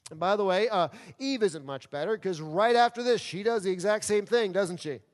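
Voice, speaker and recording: A man's voice: high-pitched, normal speed. A man from New York City preaching a sermon as pastor, firing off rhetorical questions and acting out people's excuses. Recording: long reverb of a large hall.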